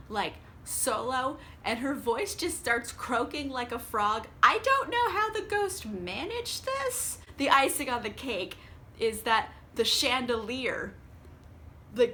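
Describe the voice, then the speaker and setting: Tipsy young woman, rambling profane book recap, bright and slightly high. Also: slight background noise. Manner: profane, rambling, laughs often. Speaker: book vlogger.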